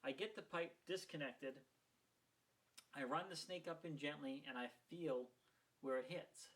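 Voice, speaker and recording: A man's voice: a little high, measured pace, a bit bright, rough recording. A middle-aged man from Maine, casually retelling a plumbing mishap, heated and rambling with plenty of swearing. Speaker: home repair vlogger. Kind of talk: casual storytelling.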